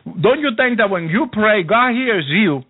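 Male preacher with a fairly high voice, repetitive exhortation full of hallelujahs, phone-like radio sound. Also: lively intonation, unhurried, breathy edge. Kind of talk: sermon.

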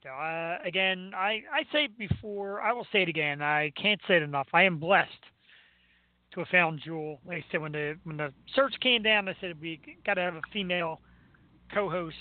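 A man with a Philadelphia accent, hosting a radio show in casual, excitable, rambling chat. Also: high-pitched, normal speed, no room sound, narrow, tinny audio. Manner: excitable, rambling, laughs often.

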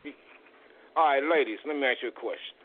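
A man's voice: medium pitch, animated, quick pace. A man putting a question to the group in casual podcast chat. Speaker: co-host. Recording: tinny phone-like line.

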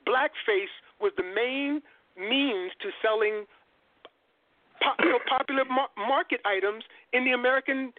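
High-voiced professor guy on a dry phone line, preachy, keeps repeating himself for emphasis. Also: unhurried, dry recording. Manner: emphatic, repeats phrases, addresses listeners as brother. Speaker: guest, politics professor. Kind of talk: impassioned lecturing on a call-in show. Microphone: telephone.

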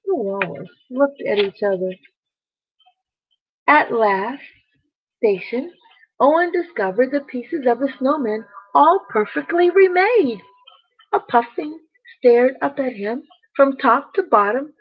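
A woman reading a bedtime story aloud, gently speaking to the children listening. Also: high-pitched, animated, slightly rough, dull audio. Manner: slow, gentle, addresses children directly.

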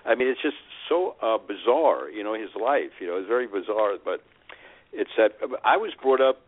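An older man co-hosting a radio chat, excitable and repetitive, often stumbling over his words. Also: on the low side, normal speed. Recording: narrow phone-like line.

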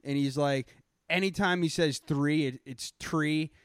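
A young man co-hosting a podcast in crude, joking chat, full of profanity and "dude". His voice sits a bit high and sounds smooth and resonant, recorded dry and close to the mic. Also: normal speed, dry recording. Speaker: podcast co-host.

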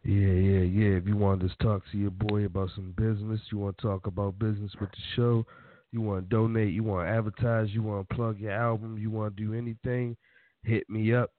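A man's voice: lowish voice, level tone, brisk, dry recording. A man from Baltimore co-hosting a casual radio show, talking streetwise and profane and breaking into a boastful freestyle rap. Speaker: co-host. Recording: tinny phone line.

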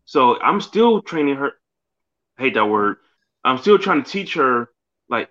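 A man's voice: medium pitch, very animated, measured pace, pushed and bright. A man joining casual podcast chat with wry, teasing asides. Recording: dull lo-fi audio.

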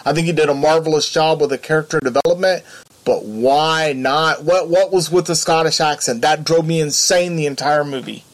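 A man's voice: fairly high pitch, moderate pace. A man co-hosting a podcast, giving opinionated, worked-up views in a casual movie chat. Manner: opinionated, gets worked up in rants. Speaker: podcast co-host.

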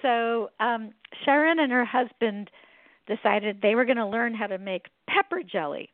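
A woman hosting a podcast, telling funny stories in a lively way and laughing as she goes. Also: a little high, moderate pace, no room sound. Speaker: podcast host. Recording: phone-like, dry sound.

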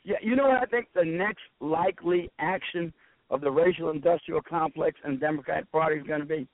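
A man calling in to a radio talk show as a regular, speaking sarcastically after a few halting starts. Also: fairly high pitch. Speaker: regular caller. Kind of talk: call-in radio commentary. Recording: dry, tinny phone line.

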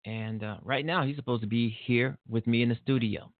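A middle-aged man hosts a casual talk show from a home studio, rambling and repeating himself as he discusses his son. His medium-pitched voice is fairly even and a little fast, with a dry sound over a tinny, phone-like line.

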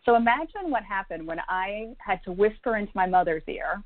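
A woman's voice: medium pitch, lively intonation, brisk, hardly any pauses, no echo. A woman from Indiana, a psychic medium guest, telling a personal story in an interview with fillers and laughs. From Indiana, USA. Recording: tinny phone-like line, dry.

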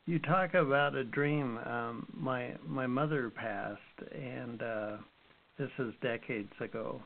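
Brief: middle-aged male host, unhurried and reflective, gravelly over a tinny line. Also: mid-range voice, a little hiss or hum. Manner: slow, reflective, hesitant. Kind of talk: interview conversation.

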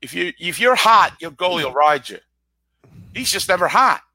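Bright-voiced ranting sports radio man. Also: high voice, very animated, normal speed, dry recording. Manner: blunt, ranting about the team. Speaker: co-host. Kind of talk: casual sports radio chat. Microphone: studio microphone.

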